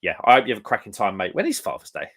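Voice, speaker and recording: A man's voice: fairly low pitch, huge pitch swings, racing, creaky, a bit bright, slightly rough. A young man from England hosting a live stream, chatting casually and reading out comments, with a rambling manner full of "mate" and "um".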